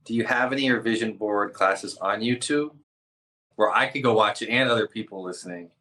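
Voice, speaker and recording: Joking, animated male podcast co-host. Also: lowish voice. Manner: joking, animated, quick asides. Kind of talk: casual podcast interview.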